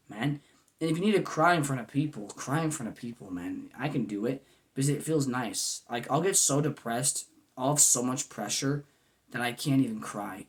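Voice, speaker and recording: A man in his twenties talking to camera in a goofy yet earnest, rambling way, full of "man" and "you know". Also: medium pitch. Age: 20s. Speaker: vlogger. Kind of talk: casual heartfelt monologue.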